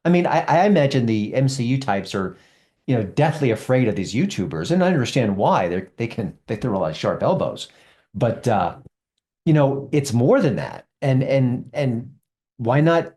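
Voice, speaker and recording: A middle-aged man talks as an entertainment critic in a casual video-call interview. His voice is mellow and warm, in the middle pitch range for a man. He rambles easily and circles back as he thinks aloud. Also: big pitch swings, normal speed. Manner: easygoing and rambling, many fillers and restarts.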